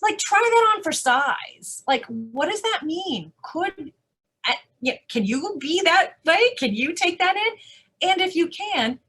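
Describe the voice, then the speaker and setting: A woman conference speaker answering audience questions, animated and emphatic, with rhetorical questions and frequent restarts. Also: extremely high pitch. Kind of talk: live Q&A answers.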